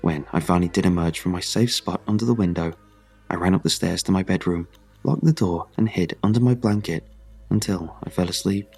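A man narrating a first-person horror story in a steady, measured way. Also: low-pitched, gravelly, husky.

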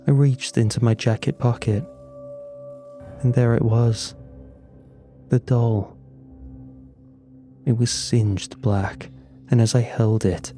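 A man narrating a first-person horror story in a slow, somber, scripted telling. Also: on the low side, warm tone.

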